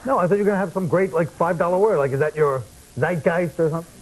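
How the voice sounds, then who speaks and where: A man riffs in a wry, deadpan way and drops mock-serious asides, his voice sitting fairly high for a man. It comes off an old broadcast tape with a faint hiss underneath. He talks like a talk show guest trading banter. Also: fast. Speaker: comedian guest.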